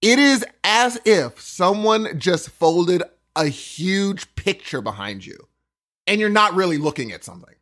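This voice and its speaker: A man's voice: high voice, lively intonation, unhurried, a bit bright. A man co-hosting a podcast, telling a story in casual chat and acting out other people's lines. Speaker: podcast co-host.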